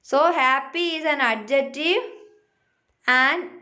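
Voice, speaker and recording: A woman with a Malayali English accent teaches a grammar lesson to a class. Her voice sits high, and she talks at an unhurried pace. She says words over slowly and keeps checking in with the class. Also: bright, forceful tone. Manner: checks in with "huh?" and "clear?", repeats words slowly.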